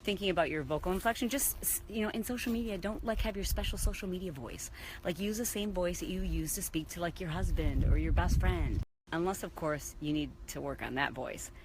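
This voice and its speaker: A woman hosting a casual motivational vlog, talking to viewers in an energetic, emphatic coaching manner. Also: fairly low pitch, fairly quick, noisy background. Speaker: vlog host and business coach.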